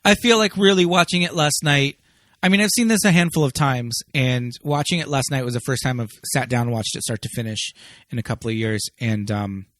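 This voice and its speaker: A man's voice: mid-range voice, a little fast, a bit bright, no room sound, studio quality. Chatty man co-hosting a film podcast. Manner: chatty, loose, lots of restarts and "like". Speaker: podcast co-host. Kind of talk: casual film discussion.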